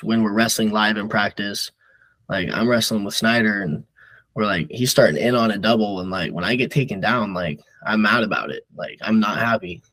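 A young man with a lowish voice talks casually as a podcast guest. He rambles through his stories, leaning on filler words and restarts. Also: fairly bright tone, poor audio. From Nebraska. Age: young adult. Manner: rambling, filler-heavy storytelling. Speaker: guest wrestler.

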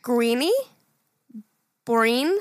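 A woman co-hosting a casual podcast, playful and quick to laugh. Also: on the high side, no room sound. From United States. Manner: giggly, playful. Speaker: podcast co-host. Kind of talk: casual chat.

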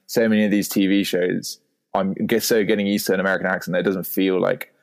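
A young man in his 20s from England, with a posh London English accent, chats as a podcast guest, hesitant, stammering, and self-conscious. His voice is low-pitched, gravelly, and level in tone, and he speaks at a quick pace.

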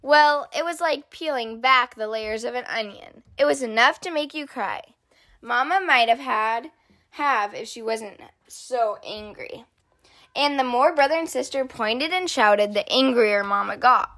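A woman reading a children's picture book aloud in an expressive, sing-song storytelling manner. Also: on the high side, a little slow, no room sound, studio quality. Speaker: storybook reader.

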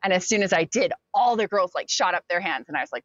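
A talkative woman in her forties recounts her experiences in an interview, animated and quick to act out other voices. Her mid-pitched voice is recorded dry and slightly muffled. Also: no room sound. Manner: animated, talkative, acts out quotes. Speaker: interview guest. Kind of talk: personal storytelling in an interview.

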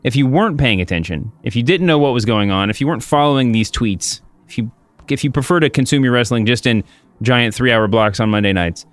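Man with a smooth voice, rambling podcast host. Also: mid-range voice, expressive, brisk, no echo. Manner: rambling, self-interrupting. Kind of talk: casual podcast chat.

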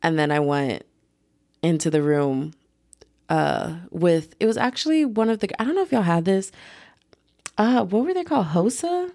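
A young woman vlogger telling a story in a chatty, lively way, acting out the quotes. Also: lowish voice, normal speed, gravelly, long pauses, dry recording, clean studio sound. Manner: chatty, lively retelling full of "like" and acted-out quotes. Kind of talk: casual storytime.

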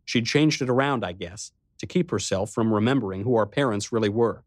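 A man's voice: fairly low pitch, a little fast, dry recording, studio quality. Man narrating an audiobook in first person.

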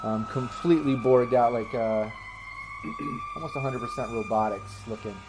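A man's voice: medium pitch, huge pitch swings, normal speed, noisy background. A young man narrating a tabletop game as game master, rambling with many fillers.

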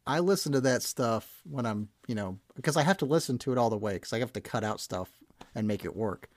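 A rambling male podcast host with a voice of ordinary pitch who laughs at his own jokes. The recording is dry and close, with no room echo. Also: animated, brisk. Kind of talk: casual podcast chat.

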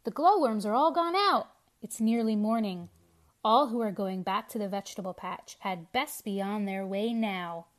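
A woman voicing a lively female witch in a storybook reading, brisk and exclaiming. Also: mid-range voice, natural voice. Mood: urgent.

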